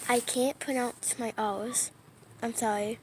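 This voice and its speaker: Young woman vlogger, slow and high-voiced, chatty and apologetic, filmed on a phone by a window, faint ambience. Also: steady tone, darkish tone, a little hiss or hum. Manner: chatty, apologetic, often dropping to a whisper. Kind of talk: casual vlog narration. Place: indoors by a window during a storm. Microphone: phone or tablet camera.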